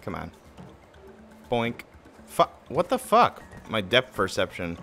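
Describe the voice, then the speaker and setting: A man giving live commentary while he plays a game. He is excitable, swears a lot and mocks his own mistakes. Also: on the low side, slow, soft background music. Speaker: game streamer.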